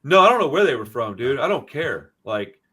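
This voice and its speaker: A man's voice: medium pitch, fairly quick, husky. A man co-hosting a podcast, telling a story in casual, profane chat and acting out the dialogue. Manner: animated, profane, acts out dialogue. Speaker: podcast co-host.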